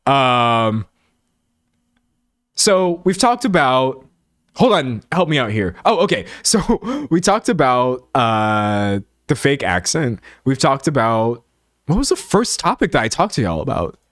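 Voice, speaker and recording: Animated man chatting with his stream. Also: mid-range voice, measured pace, no echo, clean studio sound. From Texas. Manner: animated, laughing, talks to chat. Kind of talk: casual chat reacting to videos.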